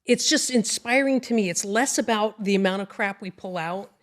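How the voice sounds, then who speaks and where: A middle-aged woman speaks as a guest in a TV studio. Her voice sits at a medium pitch, and she tells her stories in an upbeat, positive way. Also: moderate pace. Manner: upbeat, warm storyteller. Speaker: guest, river cleanup organizer. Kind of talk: casual studio interview.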